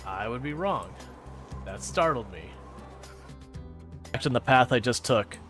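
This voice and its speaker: A man giving casual, excitable commentary on his own gameplay, reacting aloud and laughing often. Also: mid-range voice, measured pace, music in the background. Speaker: gaming channel host.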